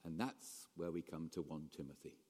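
Guy preaching, voice rings round the church hall, goes loud then drops to quiet asides. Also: extremely low pitch, moderate pace, husky. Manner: animated, shifts between raised emphasis and quiet asides. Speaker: pastor. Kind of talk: sermon. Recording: long reverb of a church hall.

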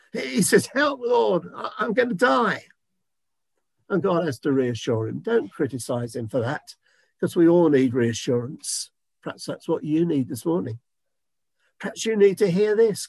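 Man, sermon, expressive storytelling, husky gravelly voice, dry sound. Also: a little high, dry recording. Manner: expressive storytelling, acting out dialogue. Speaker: preacher.

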